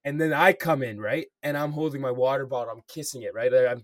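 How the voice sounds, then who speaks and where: A man's voice: a little high, animated, fast, hardly any pauses, no echo, studio quality, far from the mic. A young man co-hosting a podcast, telling a story in casual chat, swearing often and filling with "like" and "bro". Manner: swears a lot, says "bro" and "like" constantly. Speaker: podcast co-host.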